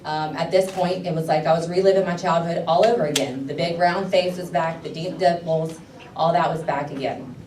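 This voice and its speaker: Low, mellow-voiced woman giving a speech. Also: slight background noise. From Louisiana. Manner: earnest and heartfelt, with frequent ums. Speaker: pageant contestant giving a talent speech. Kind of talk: motivational speech. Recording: roomy hall from a distance.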